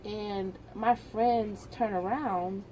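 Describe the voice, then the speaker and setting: Woman vlogger, casual storytime, chatty and animated, mid-range voice. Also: medium pitch, extremely slow, a little hiss or hum. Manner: animated, chatty retelling with repeats.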